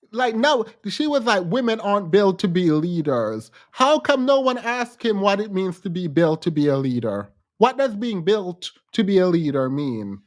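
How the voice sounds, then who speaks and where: A man hosting a livestream, commenting with animated, incredulous rhetorical questions and repetition. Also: sits high, unhurried. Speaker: podcast host.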